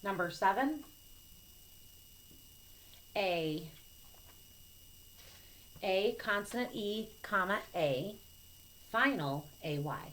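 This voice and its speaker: A woman teacher giving a recorded phonics lesson to children, speaking slowly and patiently and spelling out each letter clearly. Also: medium pitch, animated, fairly bright tone, low-quality recording. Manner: slow, patient and clearly enunciated. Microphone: camera mic.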